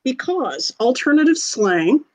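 A woman's voice: high voice, very animated, a little slow. A woman hosting a casual chat, teasing her co-host and steering the talk. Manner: warm teasing banter, leads the talk. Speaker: podcast host.

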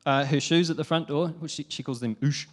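A young New man preaching a sermon, telling a family story in a lively, chatty way with frequent laughs. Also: fairly high pitch, brisk. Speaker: pastor.

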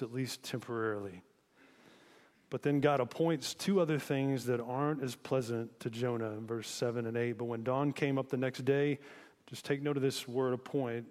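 Man, pastor, sermon, conversational, reflective questions to listeners, mid pitch, long hall reverb. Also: a little mellow.

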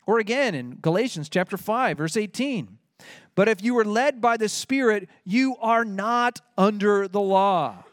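A man preaching a sermon with a fairly high voice. He grows emphatic and rises in pitch when quoting scripture, then drops low to drive a point home. The sound is dry and close, with no room echo. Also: animated, measured pace. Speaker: pastor.

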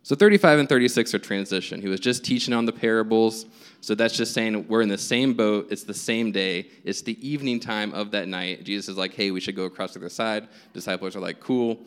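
A man's voice: lowish voice, brisk, smooth. A young man preaching a casual, conversational sermon as pastor, telling stories with self-deprecating humor.

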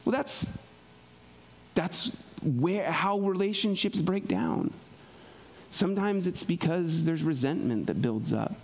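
Speaking slowly in a gravelly, animated voice, this pastor gives a conversational sermon. He keeps asking "right?" and moves from quiet, low asides to loud, emphatic stretches.

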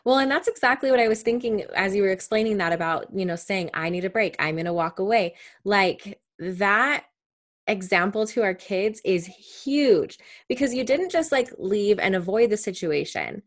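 A woman's voice: mid-range voice, lively intonation, normal speed. A woman hosting a podcast, chatting enthusiastically and affirming her guest. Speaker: podcast host. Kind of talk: podcast interview.

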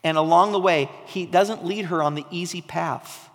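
A man preaching a sermon, telling a story with animation and sometimes dropping to a soft, intense tone. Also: fairly high pitch, moderate pace. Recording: long hall reverb.

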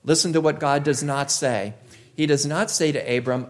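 Preacher, male, emphatic sermon delivery, repeats lines for weight, slow deliberate pauses. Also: fairly high pitch, fairly even intonation. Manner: emphatic, repeats key phrases, drawn-out pauses.

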